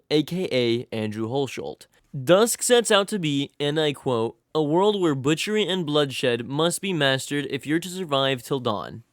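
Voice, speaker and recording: A man's voice: a little high, dry recording, clean studio sound. A young man giving a comedic, scripted video game review voice-over, full of sarcastic hype and crude jokes.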